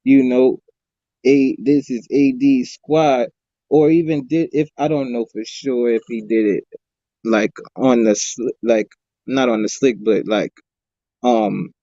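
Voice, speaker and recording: A man's voice: mid-range voice, dark tone, no echo. A man co-hosting a casual sports debate, talking in a rambling, profane way with many restarts. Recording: dull, slightly muffled audio.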